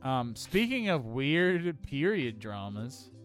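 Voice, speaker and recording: A man co-hosting a casual film review chat, animated and swearing freely. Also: slow, soft background music. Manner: animated, swears freely, acts out scenes in high voices. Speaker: podcast co-host.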